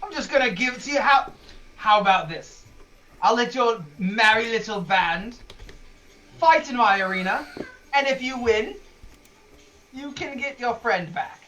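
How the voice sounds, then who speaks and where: A man voicing a brash, greedy male arena boss, gruff and scornful. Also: very high-pitched, lively intonation, a little slow, pauses often, pushed and bright, full character voice, poor audio. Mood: mocking.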